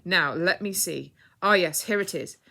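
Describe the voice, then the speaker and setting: A woman's voice: lowish voice, a little slow, gravelly, heavily acted. A woman voicing a stern, commanding knightly man. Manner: firm, authoritative and loud.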